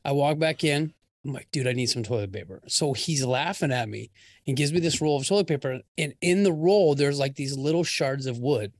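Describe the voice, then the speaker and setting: A man's voice: fairly high pitch, normal speed, no echo. A man from Arizona, a podcast guest in casual chat, who tells a comic story with gusto and acts out his own lines. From Arizona, USA.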